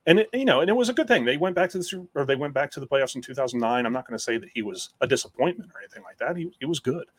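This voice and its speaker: A man's voice: medium pitch, expressive, racing, slightly rough, no echo. A man who writes about football, chatting on a sports podcast and reciting contract figures in an analytical way. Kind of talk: casual sports podcast chat.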